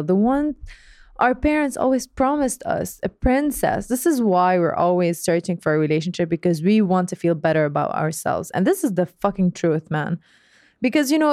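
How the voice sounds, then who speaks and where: A young woman giving a blunt, profane relationship rant to the camera, animated and laughing often. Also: fairly low pitch, no echo, clean studio sound. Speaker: vlogger.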